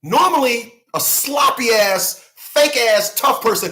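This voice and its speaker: High-voiced man ranting profanely. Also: expressive, takes it slowly, few pauses, bright, forceful tone. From New York–New Jersey area. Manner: profane, emphatic, repetitive, frequent laughter. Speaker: channel host. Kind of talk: unscripted live-stream rant.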